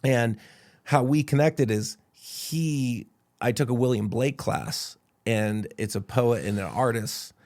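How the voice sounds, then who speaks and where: A middle-aged man from Idaho, a podcast guest telling a story in a casual, animated way. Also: medium pitch, slow pace. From Idaho, United States. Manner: animated, quotes people in character.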